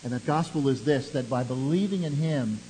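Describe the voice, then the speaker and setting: A man's voice: mid-range voice, moderate pace, a little hiss or hum. Preaching man in a reverberant hall. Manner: dramatic storytelling, swelling then dropping to near hush. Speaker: pastor. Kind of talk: sermon with a told story.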